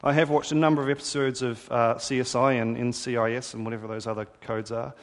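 A man's voice: medium pitch, little pitch movement, fast talker. A man preaching a sermon in a conversational, wry storytelling manner. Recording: hall reverb.

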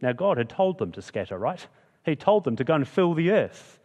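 A man's voice: on the high side, very animated, normal speed, darkish tone, muffled recording. Conversational male preacher in a hall. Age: adult with school-age kids. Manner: conversational, asks rhetorical questions. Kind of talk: sermon.

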